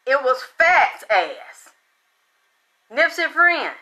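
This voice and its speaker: A woman host telling a story in a casual monologue, blunt and profane, who gets excitable and repeats herself. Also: high-pitched, extremely slow, low-quality recording. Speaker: spiritual reader and channel host.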